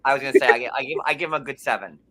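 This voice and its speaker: Bright-voiced chatty man from New York. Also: rapid-fire. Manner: rambling, heavy on fillers, animated jumps in pitch. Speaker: podcast host. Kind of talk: casual recap chat.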